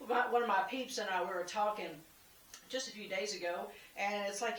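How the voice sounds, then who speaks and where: A woman's voice: mid-range voice, brisk, fairly bright tone. A woman hosting a casual weekly devotional talk, chatty and humorous, laughing at herself as she encourages her listeners. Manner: encouraging, speaks straight to listeners. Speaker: devotional host. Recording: roomy, from a distance.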